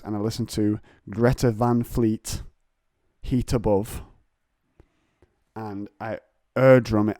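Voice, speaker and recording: A man's voice: medium pitch, warm tone, clear, resonant tone, no room sound, studio quality. An English man hosting a casual solo podcast from home, rambling and digressive with self-mocking humour. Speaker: podcast host. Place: home, on a couch.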